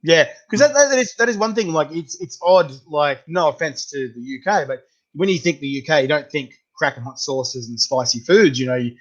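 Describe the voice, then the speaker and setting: A man's voice: a little high, expressive, a little fast, highs cut off. A man with an Australian accent hosting a casual video interview, full of slangy banter and laughs. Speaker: host.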